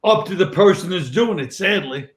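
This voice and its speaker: Brief: deadpan New man, fairly high voice, casual dark stories. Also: moderate pace. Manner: deadpan, dark storytelling with acted quotes. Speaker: comedian guest. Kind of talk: casual storytelling.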